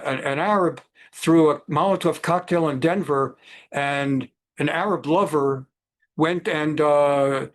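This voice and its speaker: A man teaching a Torah class over a video call, digressive and lively, sprinkling in Hebrew terms. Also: on the high side. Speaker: rabbi teaching a Bible class.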